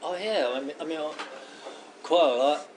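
A man's voice: on the high side, expressive, moderate pace, a little mellow, slight background noise, low-quality recording. A man chatting casually as a podcast guest, laid-back and easy to laugh. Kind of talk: casual chat.

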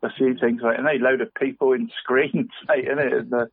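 A man's voice: mid-range voice, steady tone, brisk, creaky, slightly rough. A man, co-hosting a casual football podcast. He rambles, restarts his sentences and says "mate" constantly. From Cornwall. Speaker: podcast co-host. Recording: dry, tinny phone-like line.

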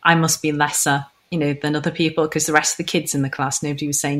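Low-voiced woman, earnest guest. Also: little pitch movement, quick pace, a bit bright. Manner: earnest, thoughtful, slightly hesitant. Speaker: podcast guest. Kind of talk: conversational interview.

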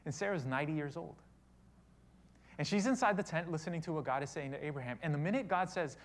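A man preaching a sermon, retelling a story with dramatic shifts between loud and soft delivery. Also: on the high side, fast talker. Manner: dramatic storytelling, voicing quoted speech, big swings in loudness. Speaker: pastor.

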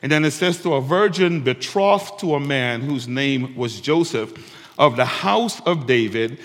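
A pastor preaching a sermon, reading scripture slowly and emphatically and calling on the congregation to respond. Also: male voice, medium pitch, animated, a bit bright. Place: church sanctuary. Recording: long hall reverb with guitar music.

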